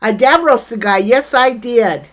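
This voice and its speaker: Reading viewers' comments and chatting with them, this older livestream host comes across as blunt and brash. Her voice is on the high side and a little slow, captured in a rough recording.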